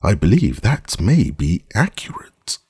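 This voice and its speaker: A man's voice: fairly low pitch, wildly swooping pitch, measured pace, darkish tone, slightly rough, no room sound, clean studio sound, voice pushed up, heavily acted. A man voicing a polite, hesitant elderly female housekeeper, raising his voice for her.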